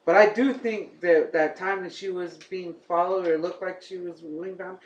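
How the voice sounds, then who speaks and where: A man in casual podcast chat, calmly asking questions and adding details. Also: sits high, normal speed, dull audio. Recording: echoey room with faint hiss.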